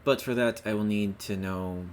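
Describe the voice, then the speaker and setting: A man voicing a cold, commanding elven noblewoman in a tabletop game, speaking in a haughty, measured way. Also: on the low side, steady tone, slight background noise, close to an everyday voice. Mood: imperious.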